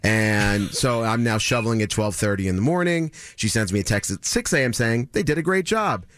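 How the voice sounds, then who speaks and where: A man in his thirties telling a story on a morning radio show, animated and mimicking other people in a higher voice. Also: brisk, no room sound, studio quality. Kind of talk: casual chat, telling a story.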